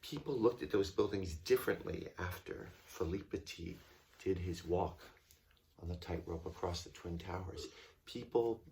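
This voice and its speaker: A man, a tour guide, telling a story to his children at home in a playful, animated way. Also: deep voice, moderate pace, vocal fry, a little hiss or hum. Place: home during lockdown.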